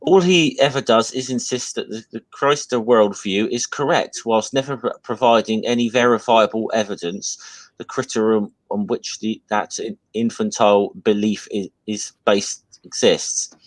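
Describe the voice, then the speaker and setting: A man's voice: fairly low pitch, moderate pace, no echo, rough recording. A British man in casual chat, reading comments aloud in an easygoing way. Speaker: guest.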